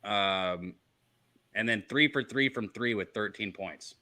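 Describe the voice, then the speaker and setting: A man hosting a live sports betting stream, chatting casually, swearing, and shouting out viewers in the chat. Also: lowish voice, takes it slowly.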